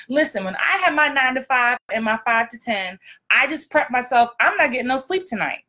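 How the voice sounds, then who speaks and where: A woman's voice: fairly high pitch, animated, a little fast, pushed and bright. A woman acting coach giving very direct, blunt advice in a frank, emphatic vlog talk. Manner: frank, emphatic, repeats for effect.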